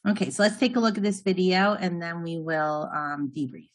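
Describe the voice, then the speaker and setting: A woman's voice: fairly low pitch, normal speed, rough recording. A woman trainer explaining a health-worker lesson in an earnest, step-by-step way. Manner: earnest, explanatory, with frequent restarts. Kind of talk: online training session.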